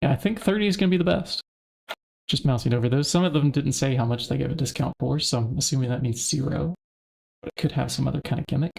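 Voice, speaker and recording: A man's voice: medium pitch, fast talker, vocal fry, a little mellow. A man streaming a modded game, chatting casually and thinking aloud as he searches through items. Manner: thinks aloud, muttering to himself while searching. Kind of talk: casual gameplay commentary.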